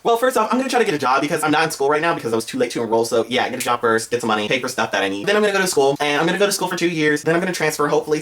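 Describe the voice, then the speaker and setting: A young man in a casual vlog, reading out viewer questions and answering them in a chatty, self-deprecating way. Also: mid-range voice. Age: young adult. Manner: chatty, self-deprecating, reads questions aloud in a bright lilt.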